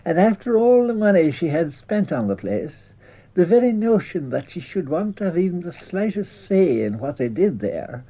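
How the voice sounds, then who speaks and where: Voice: medium pitch, very animated, moderate pace. A speaker reading a reflective, ironic memoir of theatre-going in an old archive recording. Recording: muffled archival broadcast.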